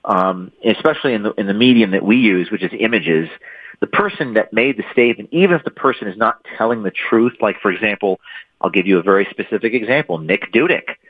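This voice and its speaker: A man's voice: lowish voice, animated, a little fast, husky, no room sound. A man being interviewed as an author, answering emphatically and often repeating and restarting words. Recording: thin phone-line audio.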